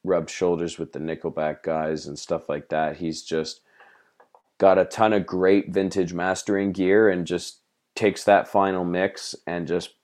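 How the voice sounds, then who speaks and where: Band guest: Canadian man, deep, easygoing chat, laughs a lot. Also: little pitch movement, measured pace, darkish tone. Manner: laid-back, laughs often, swears casually. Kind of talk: casual interview chat.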